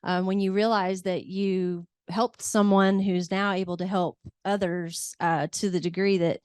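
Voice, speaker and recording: A middle-aged woman from Oklahoma introduces herself on a seminar panel. Her voice is smooth and resonant, and she talks in a chatty way, full of ums. The sound is dry and close. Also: medium pitch, flat delivery, a little slow, no room sound. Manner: warm, chatty, with fillers.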